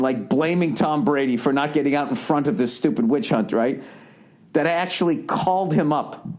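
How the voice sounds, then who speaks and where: A middle-aged man hosting a podcast, talking casually in a profane, worked-up rant. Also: on the high side. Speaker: podcast host. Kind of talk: casual monologue.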